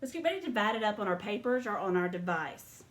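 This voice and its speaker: A woman teaching a second grade phonics lesson, slowly sounding out syllables in a clear teacher voice. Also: medium pitch, very animated, echoey room.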